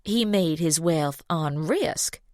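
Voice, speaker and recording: A woman's voice: low voice, lively intonation, slow, darkish tone, dry recording, clean studio sound. A woman voicing an older wealthy Southern belle mother with a sweet cooing drawl and a Southern US accent.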